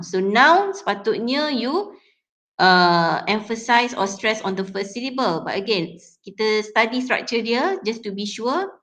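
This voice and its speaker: A woman's voice: mid-range voice, fairly bright tone. A young woman with a Malaysian English accent giving a classroom lecture on word stress. She talks through examples step by step, with frequent fillers and self-corrections.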